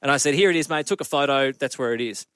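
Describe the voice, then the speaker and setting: A man, a radio host telling a story in quick, animated casual banter. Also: mid-range voice, no echo.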